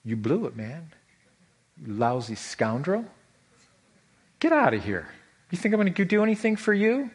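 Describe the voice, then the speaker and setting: A man's voice: on the high side, very animated, normal speed, pauses often, breathy edge. A man doing a stern, scolding father.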